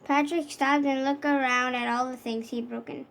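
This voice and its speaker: Woman narrator, high voice, children's read-aloud, steady with small self-corrections. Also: normal speed, creaky, slight background noise. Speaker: storybook reader.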